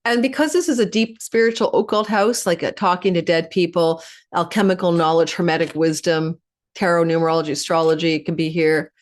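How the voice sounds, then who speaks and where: Speaking fast and animatedly in a low voice, a middle-aged woman gives a weekly astrology forecast direct to camera. She works through the signs, talking to viewers of each one.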